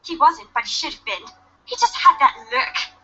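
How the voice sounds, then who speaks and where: A pushy, bubbly young woman in a mystery game, very high and bright. Her voice bounces around a lot. The sound is dull and lo-fi. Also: very animated, normal speed, over music. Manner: bubbly and overfamiliar. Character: pushy, chatty young woman fan of Americans.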